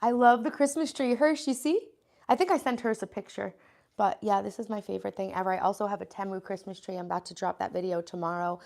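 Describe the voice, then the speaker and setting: A woman's voice: mid-range voice, quick pace, creaky, darkish tone. An American woman chatting casually on a live stream, congested and sniffling, rambling and greeting viewers by name. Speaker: livestreamer greeting her chat.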